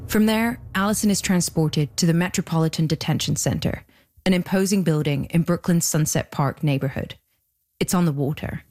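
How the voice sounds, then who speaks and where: A woman hosting and narrating a documentary podcast in a measured, scripted storytelling delivery. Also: sits low, darkish tone.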